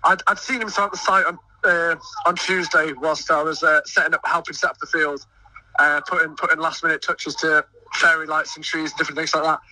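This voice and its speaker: A young man who sings in a choir and volunteers at a festival, talking excitedly in a radio interview and often stumbling over his words. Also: a little high, a little fast, no room sound, far from the mic, poor audio. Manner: eager, stumbling restarts. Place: busy outdoor festival field.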